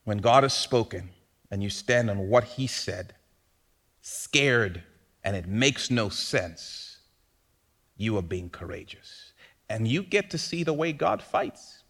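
A man delivering a sermon at a slow, deliberate pace. His pitch moves widely as he shifts from hushed lines to sudden loud bursts. He talks conversationally and poses rhetorical questions to his listeners. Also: expressive, vocal fry, slightly rough. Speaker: pastor.

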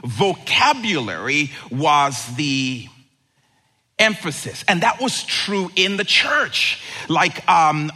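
Male pastor, conversational sermon; lively pitch, slow measured pace. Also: husky. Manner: animated, conversational preaching with rhetorical questions.

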